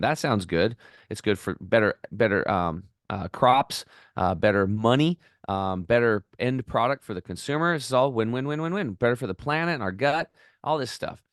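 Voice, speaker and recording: A middle-aged man, a podcast guest, telling stories in an excited, rambling way and acting out the voices of the people in them. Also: medium pitch, moderate pace, dry recording, studio quality. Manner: enthusiastic, rambling, acts out quoted voices. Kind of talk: excited storytelling interview.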